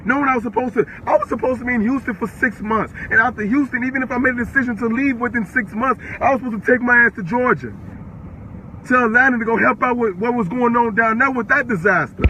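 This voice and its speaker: A man's voice: extremely high pitch, quick pace, bright, forceful tone, slight background noise, poor audio. An eighteen-year-old man from the Chicago area, ranting on a livestream, furious and profane, repeating himself. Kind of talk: angry livestream rant.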